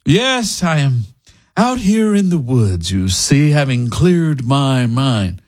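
A man's voice: mid-range voice, very animated, slow, darkish tone. A man doing a pompous affected dandy. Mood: smug. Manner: affected, drawling, self-satisfied.

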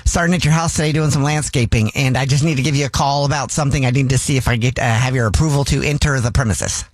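A man, a radio host, making a prank phone call while posing as a landscaper, halting and deadpan with lots of ums and restarts. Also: mid-range voice, no echo, faint music behind.

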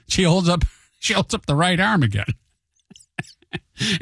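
A man's voice: a little high, very animated, moderate pace, long pauses, a bit bright, husky, no room sound, clean studio sound. A man hosting a talk show, telling stories in a casual monologue and raising his voice to act out the quotes. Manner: chatty storyteller, acts out quotes with a raised voice; admits he tends to be hot-headed.

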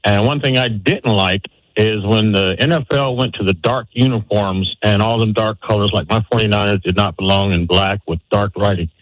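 Brief: middle-aged male caller, lowish voice, folksy and earnest, dry sound. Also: moderate pace, dry recording, low-quality recording. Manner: folksy, earnest, gives fatherly advice. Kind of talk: phone-in advice.

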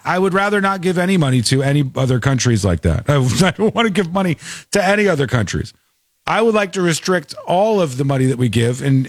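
A man's voice: on the high side, dry recording, clean studio sound. A man hosting a livestream, giving blunt, opinionated reaction commentary in a casual, conversational way. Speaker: streamer host.

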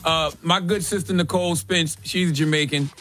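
Bright, bantering radio host man. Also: fairly high pitch, normal speed, faint music behind. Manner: playful, bantering, animated. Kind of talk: morning radio call-in segment.

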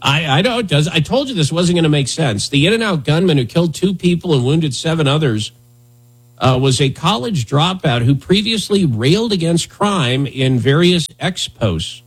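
A man's voice: fairly high pitch, expressive, normal speed, breathy edge. A man hosting a talk radio show, riffing in a sarcastic, rambling, mock-indignant way. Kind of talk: casual comedic talk radio banter.

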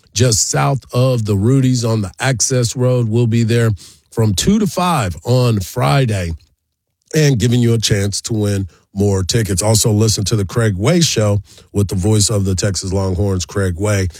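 A man's voice: on the low side, darkish tone, no echo. A man hosting a morning sports radio show, running through promos and team stats in an upbeat way into a studio mic. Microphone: studio microphone.

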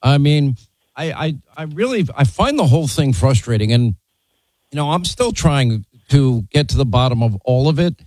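A man's voice: medium pitch, lively intonation, normal speed, a little mellow, no room sound. A man hosting an interview, speaking in an assertive, pointed way. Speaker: host. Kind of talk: broadcast interview.

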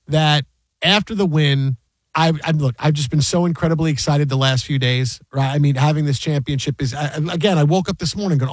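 New guy gushing on a sports show, higher voice, dry close sound. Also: fairly quick, husky, no room sound. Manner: rambling, emotional, restarts a lot. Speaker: sports talk host. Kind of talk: excited sports talk chat.

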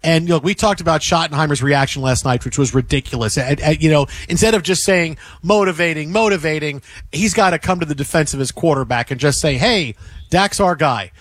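A man's voice: fairly high pitch, brisk, slightly rough, no echo. A man hosting a sports talk radio show, ranting emphatically and repeating himself for effect.

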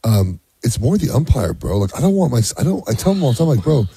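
A man who coaches youth teams and is a father, chatting casually and acting out conversations with lively laughs. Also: mid-range voice, quick pace, breathy edge. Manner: animated storytelling, acts out dialogue, laughs often. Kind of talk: casual podcast chat.

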